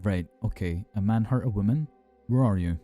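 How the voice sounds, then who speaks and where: A man voicing an emergency call operator who gives calm, steady instructions to a frightened caller. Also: fairly low pitch, normal speed, faint music behind, natural voice. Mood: firm.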